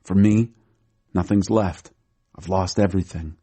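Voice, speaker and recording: A man's voice: deep voice, fairly even intonation, measured pace, dark tone, breathy edge. A man reading as a grieving old father. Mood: sorrowful. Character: grieving aged father, weary and stubborn.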